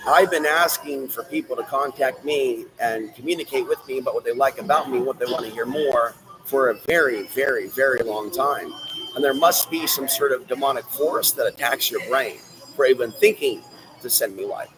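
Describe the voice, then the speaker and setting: A man of middle pitch rants through a solo livestream monologue. He rambles and speaks straight to viewers and the chat, jumping from loud bursts to low muttering. A faint hum of room noise sits under his voice. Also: moderate pace. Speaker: livestream host.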